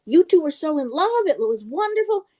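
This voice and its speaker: A woman's voice: high-pitched, sing-song, moderate pace, dark tone, voice pushed up. Woman voicing a pleading grown son. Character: worried grown son in a joke.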